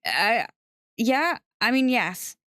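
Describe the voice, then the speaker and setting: A woman's voice: a little high, very animated, slow pace, sharp tone, no echo, clean studio sound, pitched above the performer's own voice, exaggerated voice. A woman voicing a nervous seventeen-year-old boy who stammers and halts, unsure of himself, in an audiobook reading. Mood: flustered.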